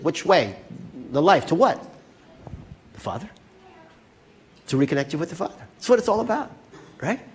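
A pastor delivers a sermon, his voice pitched somewhat high. He keeps it conversational and lively, checking in with his audience often.

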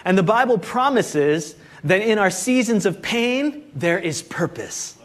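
Pastor, male, fairly high voice, relaxed chatty sermon delivery peppered with fillers. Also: a little slow. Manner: conversational preaching with frequent "you know" and "like".

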